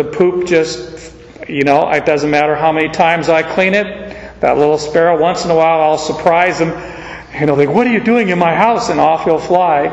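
A man with a fairly high voice preaches a relaxed, folksy sermon full of homey asides, stopping and restarting his sentences as he goes. His voice rings through a large, echoey hall with a long tail of reverb. The sound is a little dull. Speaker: pastor. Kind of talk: conversational sermon.

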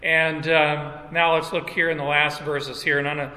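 In a setting like a church sanctuary, a middle-aged pastor gives a sermon with a flat delivery, speaking slowly and haltingly with frequent restarts and occasional chuckles. His voice is very bright and a little high, ringing with long hall reverb.

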